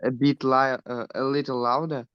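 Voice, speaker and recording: A man, a student reading English sentences slowly and hesitantly in an online class. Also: mid-range voice, little pitch movement, clear, resonant tone, no room sound, highs cut off.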